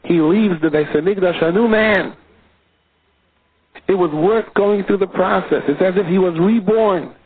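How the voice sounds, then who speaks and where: A male rabbi telling a story in a lively sermon, his voice rising and falling as he builds the scene. He speaks somewhat high. The recording is thin and phone-like. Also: a little slow. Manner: animated storyteller with sweeping pitch. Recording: tinny phone-like audio.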